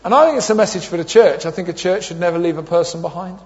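Preaching fast in a high, light voice, a man in his thirties delivers a sermon full of humorous stories, voicing the characters as he quotes them. The recording sounds dull and lo-fi, carrying a church hall's long echo.

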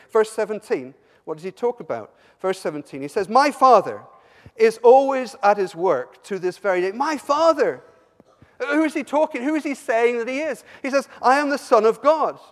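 A man from Somerset preaching a sermon, animated and emphatic, often stumbling and restarting his words. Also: high-pitched. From Somerset, England. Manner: animated, rising to emphatic peaks, frequent stammered restarts. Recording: long hall reverb.

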